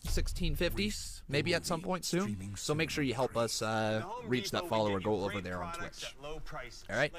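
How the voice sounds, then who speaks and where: A young man from Canada runs a live reaction stream in a relaxed, chatty way, with a voice that sits in the middle of the range. He addresses viewers directly and now and then bursts into loud, excited shouting. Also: medium pitch, moderate pace, a crowd in the background.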